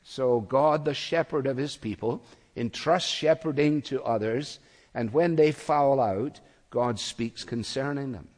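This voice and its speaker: Man, pastor, expository sermon, measured explanatory delivery, mid-pitched voice, long hall reverb. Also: a little mellow. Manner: measured, explanatory preaching with occasional fillers.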